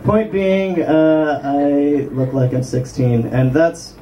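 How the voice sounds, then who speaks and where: A man's voice: a little high, slow, warm tone. Self-deprecating young male comic, distant mic. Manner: rambling self-deprecating jokes with frequent ums. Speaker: stand-up comedian. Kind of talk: stand-up set. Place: small club stage. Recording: distant mic with room noise.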